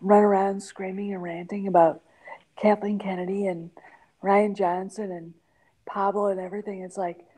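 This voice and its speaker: A woman in her forties in casual podcast chat, emphatic with halting restarts. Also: medium pitch, little pitch movement, warm tone, poor audio. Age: 40s.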